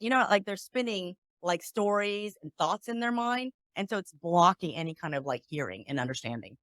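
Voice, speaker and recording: A woman's voice: on the low side, normal speed, hardly any pauses, no echo, clean studio sound. A woman mediator and negotiation coach talking in a podcast interview, acting out sample exchanges as she explains. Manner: animated, acts out example dialogues.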